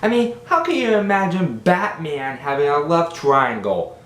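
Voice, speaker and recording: A man giving a casual, rambling film review, animated and exasperated. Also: a little slow. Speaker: movie reviewer. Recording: roomy with faint rumble.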